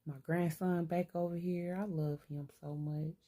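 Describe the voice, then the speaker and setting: An older woman talking candidly to camera, thinking out loud to herself. She is blunt and streetwise and swears freely. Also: fairly low pitch, little pitch movement, moderate pace. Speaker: vlogger. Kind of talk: candid self-reflective monologue.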